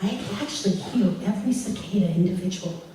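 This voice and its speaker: A woman telling a personal story live on stage, animated and laughing through it. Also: mid-range voice, fast talker, slight background noise. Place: live storytelling event in a hall. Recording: echoey hall, voice from far off.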